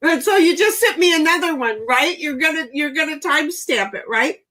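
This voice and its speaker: A woman's voice: sits high, lively intonation, normal speed, pushed and bright. A woman hosting a casual livestream, chatting and reading viewer comments aloud while playing a board game. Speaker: livestream host.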